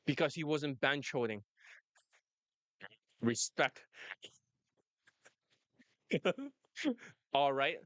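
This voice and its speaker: A man's voice: mid-range voice, measured pace, a bit bright, no echo. A man coaching on dating, talking brashly and laughing often in casual chat. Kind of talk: casual monologue and phone call.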